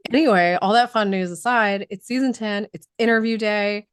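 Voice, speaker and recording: A woman hosts a podcast while congested from a cold, chatting casually with plenty of fillers. Her voice sits at a middle pitch. The sound is close and dry. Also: normal speed, smooth, dry recording. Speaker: podcast host.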